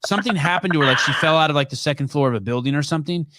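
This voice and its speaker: A man's voice: fairly high pitch, very fast, pushed and bright, a little hiss or hum. A man hosting a live call-in podcast, talking bluntly and profanely in a rambling, casual way. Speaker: podcast host taking calls. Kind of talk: live call-in show chat.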